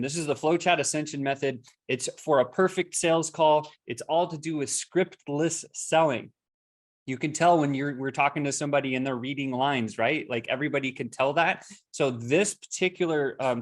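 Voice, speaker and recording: Energetic man teaching sales. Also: fairly high pitch. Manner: energetic, conversational, acts out quoted dialogue. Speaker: sales trainer. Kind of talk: presentation to an audience.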